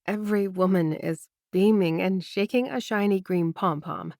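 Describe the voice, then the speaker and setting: A woman reading a first-person romance audiobook with intimate, expressive storytelling. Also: mid-range voice, normal speed, no room sound, studio quality. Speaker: audiobook narrator.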